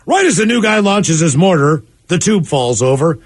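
A man with a fairly high, lively voice hosts a comedy radio show, reading listener emails aloud. His pitch rises and falls a lot, and he talks in an easy, joking way. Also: moderate pace. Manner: animated, jokey, shouts and sings now and then. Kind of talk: casual comedic radio chat.

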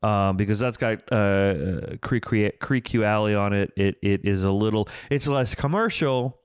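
A man's voice: lowish voice, a little slow, smooth, dry recording, clean studio sound. A man in his fifties talking casually about albums, rambling with many restarts and retold stories. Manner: rambling, full of restarts, retells stories with quotes. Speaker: podcast co-host. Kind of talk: casual music chat.

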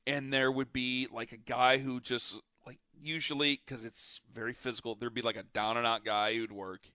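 A man's voice: medium pitch, little pitch movement, normal speed, pushed and bright, no echo, clean studio sound. A man in casual chat, telling long rambling stories with lots of fillers and restarts.

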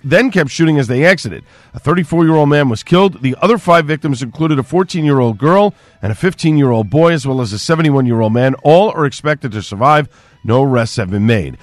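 A man reading the local news on radio with steady, clipped delivery. His voice sits a little high and the mic sound is dry and close. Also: dry recording. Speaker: newscaster.

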